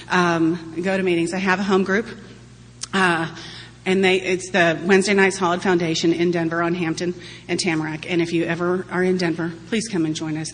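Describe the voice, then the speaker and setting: A woman's voice: lowish voice, a bit bright. A woman in her forties giving a candid, humorous personal testimony to a meeting audience, often laughing as she talks. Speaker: speaker sharing at a recovery-group meeting. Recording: long hall reverb, faint hum.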